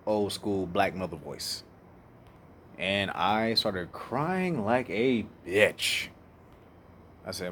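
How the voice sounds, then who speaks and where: A man's voice: sits low, animated, extremely slow, pauses often, fairly bright tone, slight background noise. A young man candidly telling a personal story in an emotional, profane way, sometimes trailing off and restarting. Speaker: speaker sharing life story.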